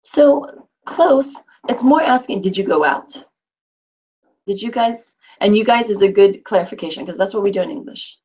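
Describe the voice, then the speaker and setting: A woman teaching a Spanish class, reading phrases slowly and translating them with patient explanations. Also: mid-range voice, expressive, a little mellow, breathy edge. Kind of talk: classroom instruction. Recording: dull lo-fi classroom recording.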